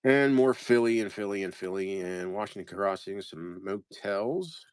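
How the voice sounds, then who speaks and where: Low-voiced man rambling through postcards. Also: expressive, moderate pace, clean tone, no echo, studio quality. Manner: rambling, reads out place names, talks to viewers by name. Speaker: postcard seller on a live stream. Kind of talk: casual live-sale commentary.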